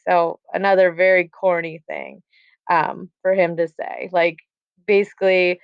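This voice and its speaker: A young woman talks through a play in a casual, chatty way, with fillers and dry asides. Her voice is smooth and clear, recorded close and dry with a slightly dull tone. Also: fairly low pitch, level tone, unhurried, dry recording. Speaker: teacher explaining a play. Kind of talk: casual explanatory reading.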